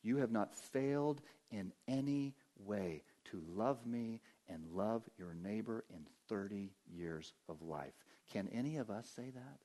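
A man preaching a sermon as pastor, rising to emphatic peaks and dropping to hushed, low passages. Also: animated, unhurried, hardly any pauses.

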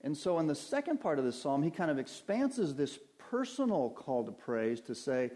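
A man preaching a sermon, reading Bible verses slowly and deliberately and putting questions to his listeners. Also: fairly high pitch, very animated, dark tone. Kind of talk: sermon teaching from Scripture.

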